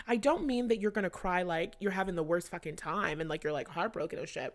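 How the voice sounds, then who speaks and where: A woman's voice: medium pitch, fairly quick, hardly any pauses. A young adult woman giving a casual astrology reading to her viewers, chatty and rambling, with plenty of fillers and casual swearing. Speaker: astrology reader.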